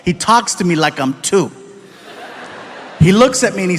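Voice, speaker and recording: Brief: a high-pitched American comedian, lively storytelling, faint background hum. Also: male voice, moderate pace, long pauses. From United States. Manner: animated, acts out voices, swings between loud and soft. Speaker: stand-up comedian. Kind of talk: stand-up storytelling. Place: live comedy stage.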